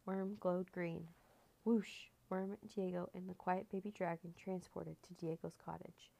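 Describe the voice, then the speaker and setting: Woman storyteller, low and warm, gravelly texture, children's audiobook narration. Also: little pitch movement, normal speed. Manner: reads all characters in a near-natural voice with small lifts. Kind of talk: children's book read-aloud.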